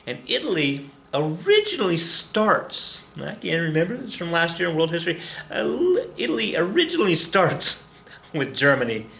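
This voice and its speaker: A man's voice: on the high side, sing-song, normal speed, creaky, bright, forceful tone. A man teaching history in a rambling, joking way, often correcting himself as he goes. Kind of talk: recorded classroom lecture. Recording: roomy echo with faint ambience.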